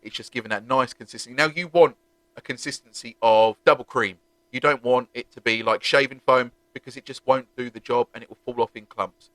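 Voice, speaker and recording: A chatty, jokey man hosts a car-detailing review vlog. His voice sits at an ordinary middle pitch and is recorded dry and close, with no room sound. He talks animatedly and enthusiastically. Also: steady tone, brisk, a bit bright, no room sound.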